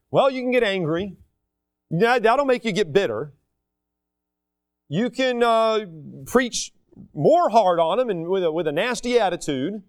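A man's voice: high-pitched, dry recording, clean studio sound. A man preaching a sermon, talking casually and acting out the people he quotes. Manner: animated, acts out the people he quotes.

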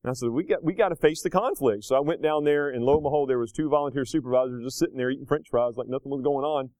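A man in his thirties preaching a sermon, rising to loud, slow emphatic lines and dropping to quiet, casual asides. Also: no echo. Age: 30s. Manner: swings between loud emphatic peaks and low conversational asides; slows down hard on key phrases.

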